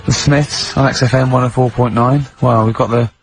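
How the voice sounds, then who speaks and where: A man's voice: medium pitch, steady tone, moderate pace, vocal fry, faint music behind. An English man co-hosting a radio show, chatting and joking with a giggly, mocking manner. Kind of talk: casual radio banter. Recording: old FM radio broadcast.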